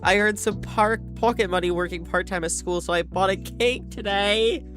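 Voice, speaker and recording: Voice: medium pitch, normal speed, a bit bright, soft background music, pitched above the performer's own voice, natural voice. A streamer putting on a shy pleading young woman. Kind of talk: reading game dialogue aloud.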